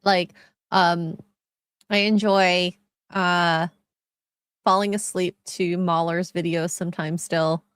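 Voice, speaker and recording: A woman's voice: lowish voice, little pitch movement, takes it slowly, long pauses, clean tone, no room sound, clean studio sound. A woman hosting a casual livestream, reading out viewer comments in a teasing, giggly way. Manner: laughs often, casual and teasing.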